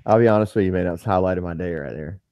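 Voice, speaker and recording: A man's voice: deep voice, very fast, a little mellow, no room sound. A man in his forties, hosting a casual podcast chat, laid-back with lots of stumbling repeats. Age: 40s.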